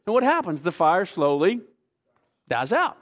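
A man preaching a sermon as pastor, emphatic, swinging between hushed, slow passages and forceful ones. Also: high voice, very animated.

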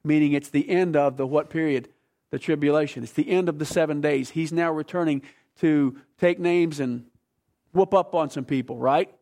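A male preacher delivering a sermon with a gravelly edge and a slightly raised pitch. He is emphatic and asks the congregation questions. He swings from hushed stretches to loud, urgent bursts. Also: moderate pace.

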